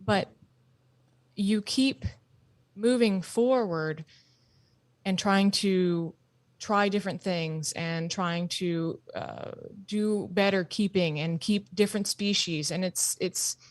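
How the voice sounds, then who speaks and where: A woman's voice: mid-range voice, slow pace, dry recording. A woman guest in a casual podcast chat, talking earnestly and rambling, with lots of fillers like you know and uh.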